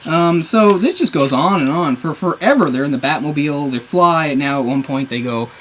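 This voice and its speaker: A man's voice: a little high, expressive, a little fast, fairly bright tone, a little hiss or hum, rough recording. A man reviewing a comic book on camera, rambling in an exasperated, sarcastic way. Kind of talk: casual video review.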